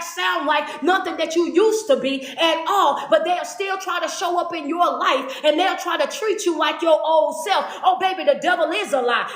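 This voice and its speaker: A woman delivering a livestreamed sermon in a high voice. She speaks straight to her viewers, repeats her points and keeps asking if they understand. The sound carries a roomy echo. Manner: talks straight to viewers and calls out names. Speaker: motivational speaker and preacher.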